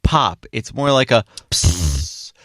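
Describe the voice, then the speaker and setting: A man's voice: lowish voice, big pitch swings, slow, a bit bright, no echo, clean studio sound. A man co-hosting a podcast in casual chat, making playful, jokey quips. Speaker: podcast co-host.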